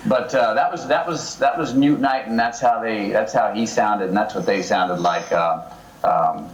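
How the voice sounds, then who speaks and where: A man with a Texan Southern accent speaks in a lowish voice, pausing and restarting as he answers press questions. The room around him rings with echo. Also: highs cut off. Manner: slow, halting, many restarts. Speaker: film actor. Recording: echoey room.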